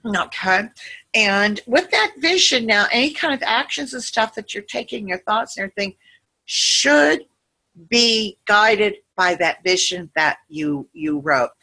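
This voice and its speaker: A woman with a bright, forward voice and a husky edge to it talks listeners through a guided visualization. She speaks gently and soothingly, drifting between imagery and casual asides. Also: medium pitch, animated, unhurried. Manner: meandering, gentle, soothing storytelling. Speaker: meditation guide.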